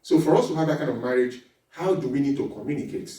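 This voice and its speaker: A man giving a lively marriage seminar talk, laughing often and acting out little dialogues as he teaches. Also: medium pitch, quick pace. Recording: echoey hall recording from far off.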